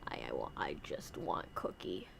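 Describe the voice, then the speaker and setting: A woman voicing a small male creature in whispered role-play, with a low breathy whisper and broken, childlike grammar. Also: normal speed, a little hiss or hum, heavily acted. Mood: whispered demands. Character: small male creature, greedy cookie-craving.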